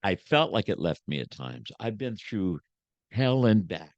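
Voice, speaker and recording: A man's voice: lowish voice, big pitch swings, measured pace, dry recording, lo-fi sound. Old preacher guy, big swings in his voice, dry close sound, fired up. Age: 70s. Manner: emphatic, preachy, swings loud to soft. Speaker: guest preacher. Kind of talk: impassioned podcast conversation.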